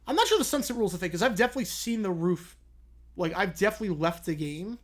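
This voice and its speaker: A young male streamer with a high, animated voice speaks at a racing pace while answering chat in a casual live Q&A. Yawning and drowsy, he rambles, chats, and corrects himself as he goes.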